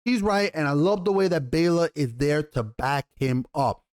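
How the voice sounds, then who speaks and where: A man giving a casual, animated TV episode review in slangy talk, often repeating himself. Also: fairly high pitch, moderate pace. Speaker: TV show reviewer.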